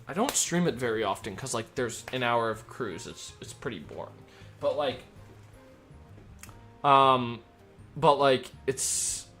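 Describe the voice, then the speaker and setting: A man streams himself running an airport tower. His voice sits at an average pitch, and he shifts between short, clipped clearances and loose, cheerful rambling to his viewers. Faint music plays underneath. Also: fairly bright tone. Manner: chatty and upbeat, rambling asides between clipped controller calls. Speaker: streamer acting as air traffic controller. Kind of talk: live-stream commentary mixed with radio phraseology.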